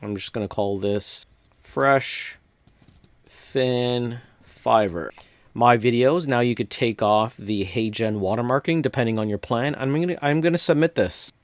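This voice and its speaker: Man narrating a software walkthrough, dry sound. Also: medium pitch, a little slow, no echo. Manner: relaxed step-by-step narration with casual fillers. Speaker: software tutorial host. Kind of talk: screen-recorded software walkthrough.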